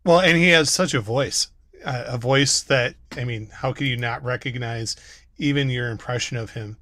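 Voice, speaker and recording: Brief: man with a bright, forward voice, earnest and halting, dry close sound. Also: mid-range voice, no room sound. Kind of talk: casual chat.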